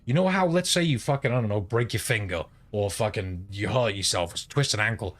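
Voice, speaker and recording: A man's voice: on the low side, lively intonation, brisk. A British man from the UK, a game streamer chatting casually and telling rambling stories full of swearing. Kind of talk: casual chat while gaming.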